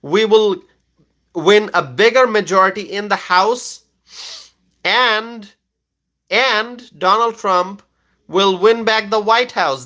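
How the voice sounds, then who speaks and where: A man's voice: high-pitched, slow pace, bright, forceful tone. A man hosting a political livestream and reading out viewer comments. He is emphatic, repeats himself, and keeps checking in with "okay?".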